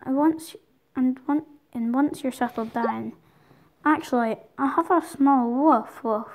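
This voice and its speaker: Tommy, a friendly young dog, read by a woman. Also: sits high. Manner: reads game dialogue aloud, halting.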